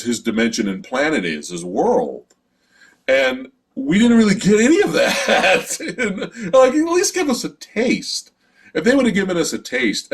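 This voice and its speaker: A man's voice: on the low side, breathy edge. A man giving a casual, profane spoiler review of a film, ranting with sarcasm and exasperation. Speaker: movie reviewer.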